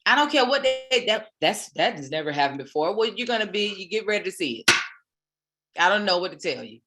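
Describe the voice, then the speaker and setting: A medium-pitched, fairly bright female voice moves briskly and very animatedly. The motivational host holds her weekly online session at home, mixing sermon-like urging with playfulness and plenty of Black American slang.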